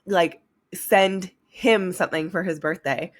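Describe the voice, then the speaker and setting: Speaking a little slowly, this young woman has a low-leaning voice with fairly even intonation. On her solo podcast she's open and energetic, swearing offhandedly and talking right to the people listening.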